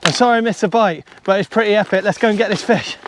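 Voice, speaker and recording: Excitable British man fishing on a beach. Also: high voice, quick pace, a little hiss or hum. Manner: excitable, chatty, talks to viewers. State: out of breath. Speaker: fishing vlogger and coach. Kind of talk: casual running commentary while fishing. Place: outdoors on a beach. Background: faint outdoor ambience.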